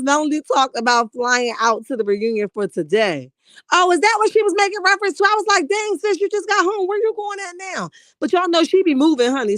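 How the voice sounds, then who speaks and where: A higher-pitched woman hosts a casual live stream and reads viewer comments in a sassy, animated way, calling everyone honey. Her voice is close and dry, with no room sound around it. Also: no echo. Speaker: livestream host reading chat.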